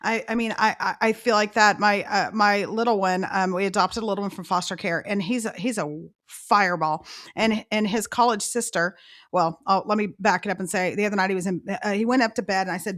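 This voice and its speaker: A middle-aged woman, an author guest telling animated stories and acting out quotes. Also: medium pitch, quick pace. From Texas. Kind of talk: storytelling interview.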